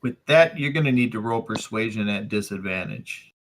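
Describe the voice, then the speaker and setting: A man narrating as game master of a tabletop game, hesitant with many pauses. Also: lowish voice, lively intonation, rough recording. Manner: hesitant, full of ums.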